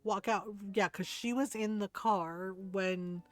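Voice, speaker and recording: A woman's voice: medium pitch, fairly even intonation, slow, faint music behind. A woman streamer telling a story while gaming, swearing freely, laughing often and heatedly quoting herself. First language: Tagalog.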